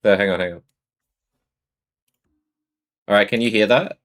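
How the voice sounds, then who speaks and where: A man's voice: lowish voice, rapid-fire, fairly bright tone. A man with an Australian accent chatting casually on a live stream, greeting and answering his viewers.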